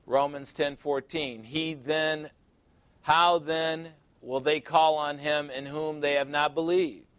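A man's voice: a little high, dry recording. A man preaching a sermon verse by verse, conversational and teasing, asking his listeners questions. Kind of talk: sermon, verse-by-verse Bible teaching.

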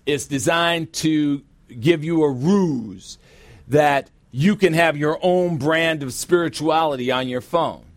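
A middle-aged man preaching a sermon as pastor, with emphatic, drawn-out stresses. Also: fairly high pitch, dry recording. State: sweating, warm from preaching. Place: church sanctuary.

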